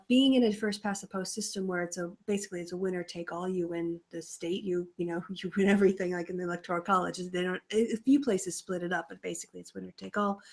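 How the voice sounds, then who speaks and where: Woman, election co-host, analytical, lecturing, casual panel, mid pitch. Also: darkish tone. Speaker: co-host and political scientist.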